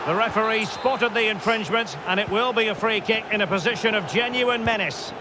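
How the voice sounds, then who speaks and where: A man doing play-by-play football commentary for a video game, measured calls that rise to shouts at goals. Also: sits high. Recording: game audio with loud background noise.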